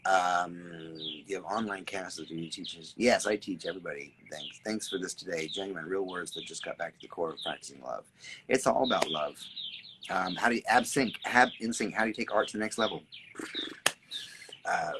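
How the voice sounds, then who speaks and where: A man hosting a casual live stream outdoors, reading viewer comments, greeting people by name and talking in an animated, repetitive way with some swearing. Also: low voice, a little fast, background noise. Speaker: artist and creative coach hosting a live stream. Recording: birds chirping clearly in the background.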